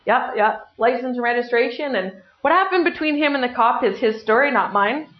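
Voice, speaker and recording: A middle-aged woman giving a personal testimony at a recovery meeting, telling her story with lively self-mockery and acting out what people said. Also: fairly high pitch, fairly quick. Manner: lively, self-mocking storytelling with acted-out quotes. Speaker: speaker sharing at a recovery meeting. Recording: echoey room, dull lo-fi sound.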